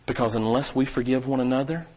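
A man's voice: medium pitch, fairly even intonation, quick pace. Folksy preacher man, lo-fi church recording. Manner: preaching with sudden rises to shouting; folksy, addresses the congregation directly. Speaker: pastor. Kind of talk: sermon.

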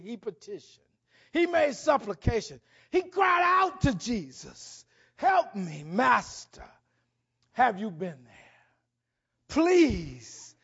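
A man preaching a sermon, with dramatic swings between loud and soft. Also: extremely high pitch, husky, dull audio. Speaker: pastor.

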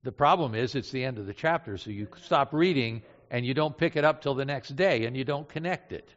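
A man's voice: mid-range voice, brisk. A man preaching a sermon with emphatic delivery, repeating key phrases and asking rhetorical questions. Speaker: pastor. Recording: dull hall recording with long reverb.

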